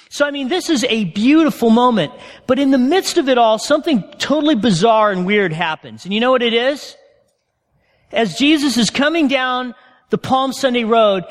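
High-voiced male pastor in a reverberant hall. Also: normal speed, a bit bright. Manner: conversational, asks the audience questions. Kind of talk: sermon.

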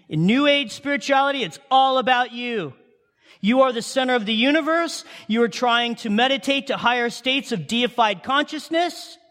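A man preaching a sermon, animated, with rhetorical questions, sudden shouts and hushed asides. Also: extremely high pitch, normal speed. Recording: long hall reverb.

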